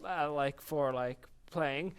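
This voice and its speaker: A man's voice: on the high side, slow pace, smooth. A young man co-hosting a podcast, reading things out and stumbling over long words. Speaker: podcast co-host. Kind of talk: casual chat.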